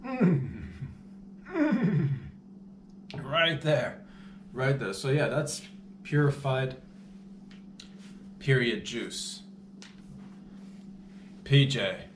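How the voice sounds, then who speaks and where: A man's voice: medium pitch, extremely slow, long pauses, a bit bright. A man playing a laid-back modern vampire in a rambling, slangy comedy monologue, recorded in an echoey room with faint background hum. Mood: casual. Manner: slangy, rambling, calls everyone baby.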